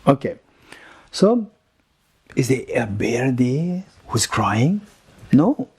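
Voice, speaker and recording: A husky man in his thirties teaches a Buddhist retreat to a live group. He talks in halting bursts, repeating and restarting words, chuckling between points. He keeps asking his listeners questions as he builds his examples. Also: medium pitch, big pitch swings, a little mellow.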